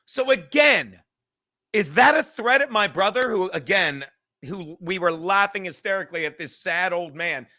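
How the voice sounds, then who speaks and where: High bright-voiced ranting New man. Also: animated. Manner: sarcastic, profane, fast-building rant. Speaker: podcast host. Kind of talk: animated ranting commentary.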